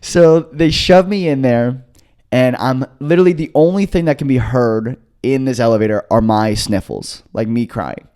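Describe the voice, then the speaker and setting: Speaking at a moderate pace in a mid-range voice, a young co-host of a comedy podcast relates a story with casual animation. Along the way he impersonates the people involved.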